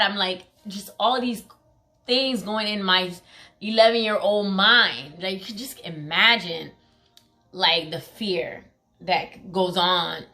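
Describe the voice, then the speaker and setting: A woman's voice: medium pitch, slow, sharp tone, soft background music. A young woman telling a personal story in a casual vlog, talking with lots of "like" and filler words. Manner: emphatic, heavy use of "like" and fillers; acts out quoted pleas in a raised voice.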